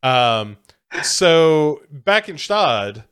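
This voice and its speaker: A man's voice: fairly high pitch, big pitch swings, extremely slow, fairly bright tone, clean tone. A man summarizing a film plot in casual talk, with many fillers.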